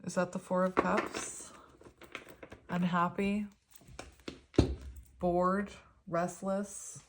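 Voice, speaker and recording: A woman reading tarot cards for viewers, chatty and gushing, with many pauses and restarts. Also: fairly low pitch, little pitch movement, noisy background. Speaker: tarot reader. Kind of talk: pick-a-card tarot reading.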